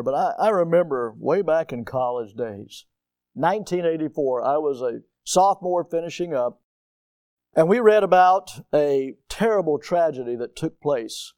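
A man's voice: a little high, no room sound. Older male pastor preaching dramatically. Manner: dramatic, rising to near-shouts for emphasis. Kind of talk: sermon.

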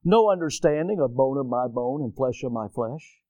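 A man's voice: medium pitch, animated, moderate pace, no room sound, phone-quality sound. A man preaching a sermon, stretching out key words for emphasis.

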